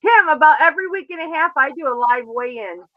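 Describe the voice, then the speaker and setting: A woman's voice: high voice, animated, quick pace. A woman hosting a live show, telling stories in a brash, profane, casual way. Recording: dull lo-fi sound.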